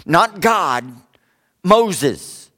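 A middle-aged man preaching a sermon, rising for emphasis and dropping low for joking asides. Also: big pitch swings, very slow, bright, forceful tone. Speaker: pastor.

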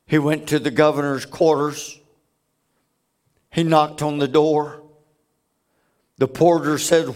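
A man's voice: a little high, steady tone, unhurried, long pauses. A man preaching a sermon, telling stories with emphatic, earnest delivery. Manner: emphatic storytelling.

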